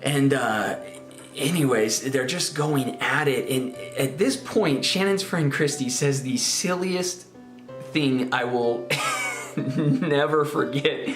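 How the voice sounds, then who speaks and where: A man's voice: fairly high pitch, unhurried. A man in his twenties from Spokane telling a childhood story in casual, rambling speech, repeating words and asking "right?" as he goes. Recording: roomy, faint guitar music.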